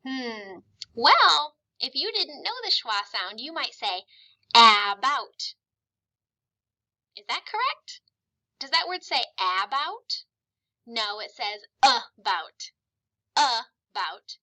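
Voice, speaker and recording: Bright, encouraging woman teacher. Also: high-pitched, very animated, low-quality recording. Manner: patient, encouraging, models sounds slowly. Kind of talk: classroom phonics lesson.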